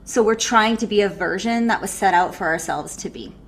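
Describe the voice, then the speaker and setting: A woman breathwork coach giving an animated, casual live online workshop, swearing freely and laughing often. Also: medium pitch, a little fast.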